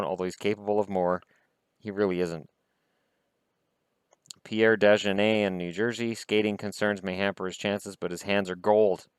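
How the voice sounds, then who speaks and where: A Canadian man in his thirties talks casually about hockey, reading bits aloud and cutting in with dry, sarcastic comments. His voice sits low and sounds smooth and resonant. The recording is close and dry, with no room sound. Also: no echo. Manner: sarcastic, adds snide asides to what he reads. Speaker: hockey vlog host.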